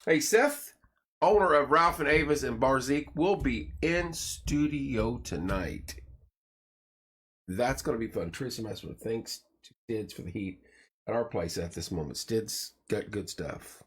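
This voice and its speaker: Folksy man with a lively up-and-down voice. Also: medium pitch, unhurried. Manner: folksy, joking, greets viewers by name. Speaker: host of a morning live stream. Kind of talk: casual live-stream chat reading viewer comments and sponsor plugs. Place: small home studio room.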